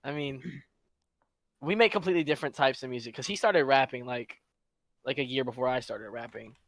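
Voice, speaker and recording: A man's voice: medium pitch, brisk, fairly bright tone, dry recording. A young man, a rapper guest, chatting casually and jokingly on a podcast call.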